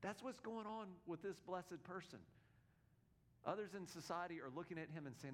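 A male pastor delivers a sermon in an earnest, emphatic way. His voice sits a little high for a man. He often repeats words as he drives his points home. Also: expressive, normal speed.

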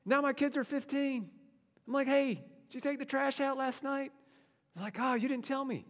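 A man's voice: extremely high pitch, measured pace, a bit bright. A man in his forties preaching a sermon, earnest and conversational, often repeating and restarting his words. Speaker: pastor. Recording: long hall reverb.

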